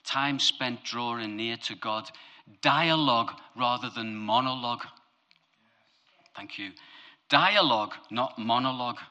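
A man preaching a lively, humorous sermon, his voice climbing to emphatic high peaks and dropping low for asides. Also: unhurried.

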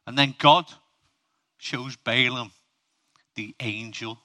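Male preacher, bright sharp tone, humorous sermon delivery. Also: medium pitch, measured pace. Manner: humorous and chatty, asks the audience questions.

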